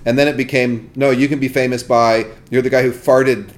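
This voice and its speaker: A man talks fast as podcast host, rambling through casual chat and restarting his sentences often. His pitch sits in the middle range for a man. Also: level tone.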